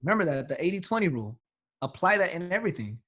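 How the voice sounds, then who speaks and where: A man's voice: sits high, sing-song, very fast, fairly bright tone. A man coaching his sales team on a call, talking emphatically in casual slang. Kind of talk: motivational talk on a team call.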